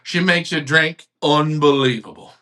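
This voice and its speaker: A man hosting a live online pigeon club show, ranting heatedly, swearing and swinging from shouts to quiet mutters. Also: on the high side, a little slow. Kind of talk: heated live-stream rant.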